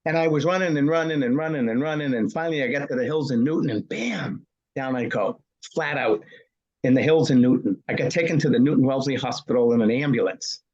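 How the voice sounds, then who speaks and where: A man's voice: mid-range voice, quick pace, darkish tone, dull audio. A man in his sixties telling stories as an interview guest, punchy, asking and answering his own questions. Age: 60s. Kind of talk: storytelling interview.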